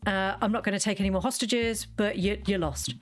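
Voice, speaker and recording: A woman's voice: mid-range voice, brisk, close to an everyday voice. A boastful dragon warrior champion, voiced by a woman in her own voice. The delivery stays close to her normal mid-range speech, easygoing and conversational. Faint music sits underneath.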